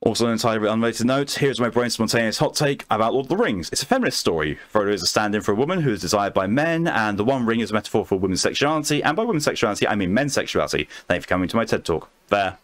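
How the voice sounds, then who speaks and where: Male game streamer, deep voice, soothing late-night chatter, reads chat, dry close sound. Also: rapid-fire, few pauses, no room sound. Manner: chatty, replies to chat messages aloud; calm, soothing voice meant to lull viewers to sleep.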